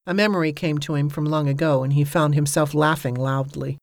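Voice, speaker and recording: A measured narrator reads a novel in an even, steady storytelling voice. The pitch sits in the middle. The sound is close and dry, with no room around it. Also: dry recording. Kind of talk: audiobook narration.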